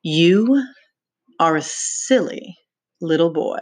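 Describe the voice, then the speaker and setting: A woman's voice: fairly low pitch, animated. A woman voicing a mocking, menacing pig's-head beast. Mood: taunting menace. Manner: mocking, menacing, slow and deliberate. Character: taunting sinister pig's-head beast, male. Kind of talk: dramatic read-aloud.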